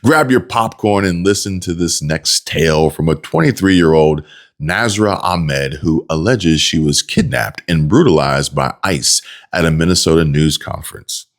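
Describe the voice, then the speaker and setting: A man narrates a political commentary voice-over with a sarcastic, mocking edge. His voice sits very low. He talks straight to his viewers as the host. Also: lively intonation, a little slow.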